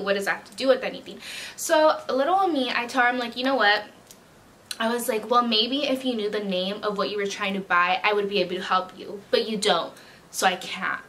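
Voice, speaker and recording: A woman's voice: mid-range voice, a bit bright, a little hiss or hum. Chatty young woman telling a story. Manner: chatty slangy storytelling, acting out quoted customers. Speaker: vlogger and retail worker. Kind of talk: casual storytime chat.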